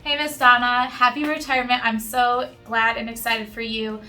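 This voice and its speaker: An excited woman with a loud, high and bright voice wishes a happy retirement. She sounds off-mic, with faint music behind. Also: moderate pace, recorded from a distance. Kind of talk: tribute message.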